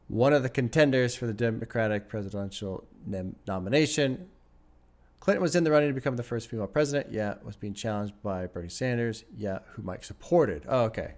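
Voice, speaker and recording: A man's voice: mid-range voice, lively intonation, a little fast. Musing man reacting to an album. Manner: musing and rambling, chuckles often; wry sarcasm. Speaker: music reaction host. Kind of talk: casual reaction commentary.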